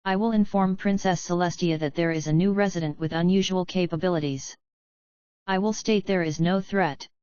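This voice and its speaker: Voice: mid-range voice, steady tone, moderate pace, darkish tone, clean tone, dry recording, highs cut off, close to an everyday voice. A woman voicing a polite, methodical female unicorn scholar who asks formal questions.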